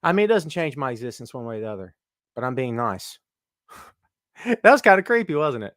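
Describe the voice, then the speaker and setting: A middle-aged man hosting a live stream, greeting viewers by name in loud, joking, self-mocking banter. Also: mid-range voice, very animated, a little fast, long pauses, dry recording, studio quality. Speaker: host. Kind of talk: casual live-stream chat.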